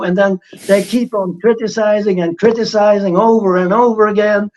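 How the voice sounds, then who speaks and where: Man, loose spiritual talk, rambling restarts, slightly high voice, dull lo-fi sound. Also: fairly even intonation, normal speed, a little mellow. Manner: rambling, frequent restarts, mocking impressions of critics. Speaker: spiritual teacher. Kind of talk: informal spiritual talk on a livestream.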